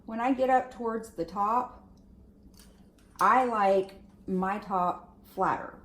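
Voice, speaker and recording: A woman's voice: medium pitch, slow pace, fairly bright tone, echoey room. A woman stylist walking viewers through curling a wig in a casual, chatty way, full of "like" and "okay". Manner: chatty, lots of fillers like "like" and "okay". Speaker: hair stylist demonstrating on a wig. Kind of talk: casual tutorial talk.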